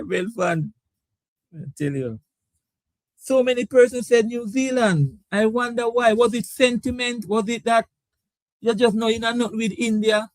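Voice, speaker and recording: A man with a high voice hosts a casual live sports talk stream, often laughing and reading out viewer comments. The recording is dry.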